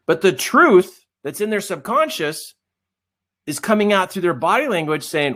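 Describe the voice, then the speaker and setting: A middle-aged man telling a story in a coaching webinar, animated and often laughing. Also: high voice, normal speed.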